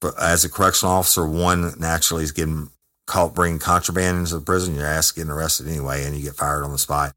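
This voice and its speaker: A man with an extremely low, deep voice tells a story casually. He talks in a blunt, profane, emphatic way, punching out words as he goes. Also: quick pace. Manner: profane, emphatic, animated retelling. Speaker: former correctional officer telling a story.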